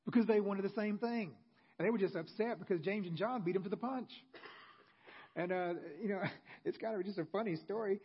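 A male pastor preaches with a husky, slightly high voice, telling the story in a relaxed, conversational way with light humorous asides. The recording is dull and lo-fi. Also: brisk. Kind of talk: sermon.

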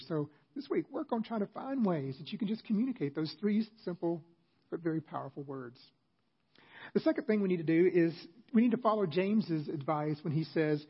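Husky middle-aged man preaching earnestly. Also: sits high, highs cut off. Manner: earnest, conversational with self-deprecating laughs. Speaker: pastor. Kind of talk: sermon.

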